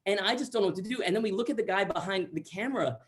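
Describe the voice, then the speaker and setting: A man from Central Texas spins a comic personal story in an animated, chatty way, scattering likes and asides. He is heard over a video call mic. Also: high voice, racing.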